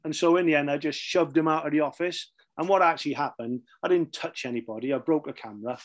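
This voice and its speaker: A man's voice: a little high, fast talker. A middle-aged man with a Welsh accent telling casual anecdotes, laughing often and checking in with "right?" as he goes. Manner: chatty, laughs often, repeats "right?" for emphasis. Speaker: storyteller recounting his career.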